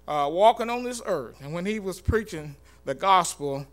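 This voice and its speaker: A man giving an earnest, halting church talk in an informal sermon style, with many fillers and restarts. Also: high-pitched, expressive. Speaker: church speaker.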